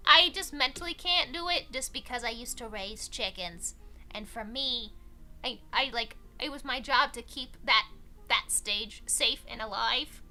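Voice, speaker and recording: A woman streamer in casual stream chat, rambling and chatty, quick to laugh. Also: on the high side, sharp tone. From not from England.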